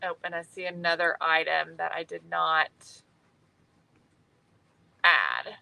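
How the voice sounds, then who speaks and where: A woman's voice: fairly low pitch, slow, creaky, sharp tone, rough recording. A middle-aged woman hosting a live craft-shop stream, chatting and answering viewer comments. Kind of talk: live-stream product showcase.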